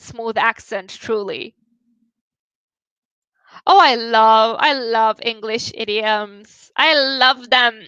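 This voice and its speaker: High, bright-voiced woman streamer. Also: clear, resonant tone, no echo, dull audio. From Romania. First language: Romanian. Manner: outspoken and blunt, swears casually. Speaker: livestream host. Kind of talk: casual livestream chat.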